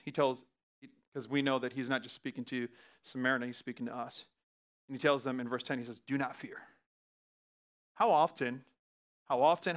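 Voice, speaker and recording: Preaching in a relaxed, laughing style, this pastor has a medium-pitched voice. His sermon lurches between quiet lines and sudden loud bursts.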